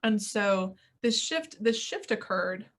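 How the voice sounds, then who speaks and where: Woman, young adult, acting coach, earnest, reflective interview talk, mid pitch. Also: expressive, slow. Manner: earnest, searching, puts on little inner voices.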